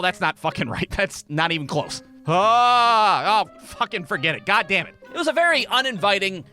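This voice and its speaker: A man's voice: sits high, pushed and bright. A man telling a comedic story in a sarcastic, exasperated, profane manner.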